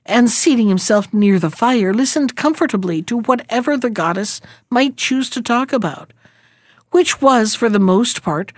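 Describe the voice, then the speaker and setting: A woman reading a fairy tale aloud as narrator, measured and expressive. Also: mid-range voice, dry recording, studio quality. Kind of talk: storybook reading.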